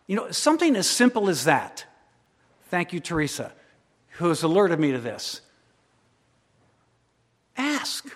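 A man preaching a sermon as pastor, swinging between loud emphatic declarations and quiet, intimate asides. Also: high voice. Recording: long hall reverb.

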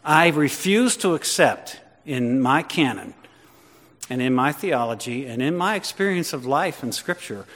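A man preaching a sermon to his congregation, swinging between loud emphatic lines and quiet conversational asides with questions to the listeners. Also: medium pitch, lively intonation, unhurried. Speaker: pastor. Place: church. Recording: long reverb of a large hall.

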